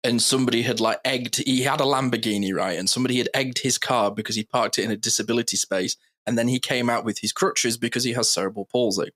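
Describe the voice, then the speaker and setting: A man's voice: mid-range voice, fairly even intonation, fast talker, few pauses, a bit bright. A man co-hosting a podcast, chatting casually with a playful, joking manner. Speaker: podcast co-host. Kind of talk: casual chat.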